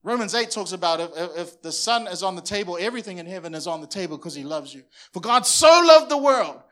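A man's voice: high voice, fast, fairly bright tone. A man preaching a passionate sermon as pastor on a church stage, often repeating words as he builds in intensity.

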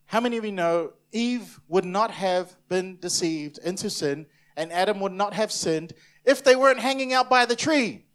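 A man from New Zealand preaches to a congregation in a church. His voice sits high, and his delivery is emphatic, with playful asides where he acts out the voices of the people he is talking about. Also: animated, normal speed, a bit bright, clear, resonant tone. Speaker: pastor. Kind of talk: sermon.

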